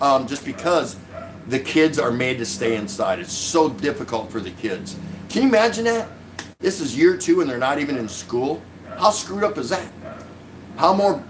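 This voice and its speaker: An older man hosts a casual live stream from his couch at home, sipping a beer as he reads viewer comments aloud. He jokes easily and chuckles often, with a voice a little higher than most men's. A faint steady noise sits under his voice. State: drinking beer while talking.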